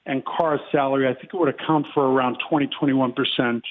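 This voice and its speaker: A man in his fifties, a guest giving measured football analysis and clearing his throat often. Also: medium pitch, fairly even intonation. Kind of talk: casual phone interview. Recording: tinny phone line.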